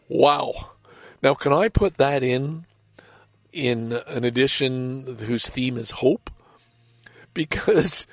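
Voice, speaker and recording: Here a vlogger shares books and poems in a loose, rambling chat, often interrupting himself out of enthusiasm and reading verse aloud with feeling. His voice is mid-range and darkish, recorded with no room sound.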